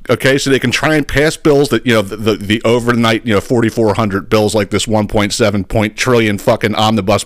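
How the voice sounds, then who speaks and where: Speaking at a fairly low pitch, this male podcast host rants about politics with anger and sarcasm, swearing a lot. Clean studio sound, no room noise.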